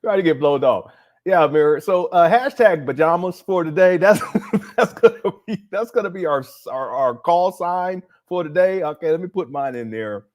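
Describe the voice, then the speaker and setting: A man's voice: a little high, expressive, moderate pace, a little mellow. A man hosting a casual live stream, reacting to a clip with incredulous, laughing commentary. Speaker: livestream host.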